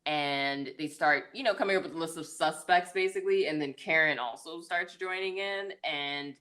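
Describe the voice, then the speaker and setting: A woman's voice: low-pitched, moderate pace, fairly bright tone. A woman co-hosting a podcast, casually recapping a film's plot with lots of "like" and "um" and the odd laugh. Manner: chatty, full of "like" and "um"; laughs now and then mid-story. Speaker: podcast co-host. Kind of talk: casual movie review recap.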